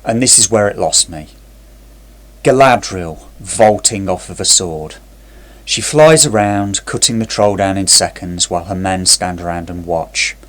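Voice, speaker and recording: A man's voice: low voice, unhurried, a bit bright. A man narrating a scripted TV review in a sarcastic, critical way.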